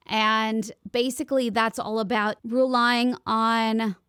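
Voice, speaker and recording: A woman's voice: fairly high pitch, flat delivery, slow, few pauses, fairly bright tone, clean tone, no echo, clean studio sound. Upbeat woman hosting a podcast. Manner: upbeat, chatty and instructive. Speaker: podcast host and voiceover actor. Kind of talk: solo podcast advice talk.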